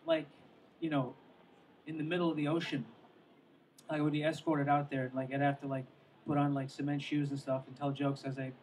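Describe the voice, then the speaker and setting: High-voiced rambling stand-up comic outdoors. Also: male voice, recorded from a distance, a little hiss or hum, rough recording. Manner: rambling, self-mocking, trails off with asides. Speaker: stand-up comedian. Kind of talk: stand-up comedy set. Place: outdoor show near the water.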